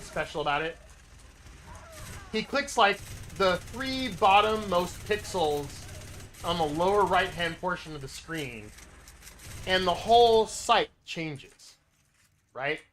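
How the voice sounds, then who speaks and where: A man's voice: fairly high pitch, a bit bright, a little hiss or hum. A man livestreaming a game, telling a story in a rambling, self-interrupting way and swearing casually. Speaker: livestreaming gamer. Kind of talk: casual storytelling while gaming.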